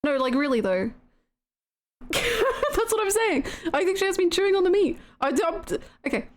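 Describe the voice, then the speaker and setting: High, giggly woman streamer. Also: a little hiss or hum. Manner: giggly, excitable, quick asides. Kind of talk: casual gaming commentary. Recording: game music underneath. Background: game music.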